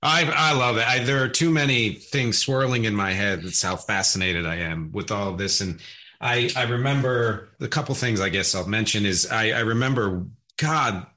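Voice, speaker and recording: Host: man from the Philadelphia area, bright tone, enthusiastic, casual chat. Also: lowish voice, normal speed. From South Jersey / Philadelphia area. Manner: enthusiastic, rambling, frequent restarts. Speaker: podcast host.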